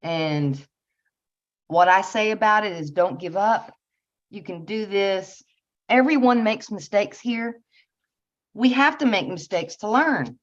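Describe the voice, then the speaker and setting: An earnest woman talks through spiritual ideas in an easy, meandering way, often pausing on fillers and small laughs. Her voice sits at an ordinary middle pitch, and the audio is slightly dull and lo-fi. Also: animated. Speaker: spiritual channel host. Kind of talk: casual spiritual talk.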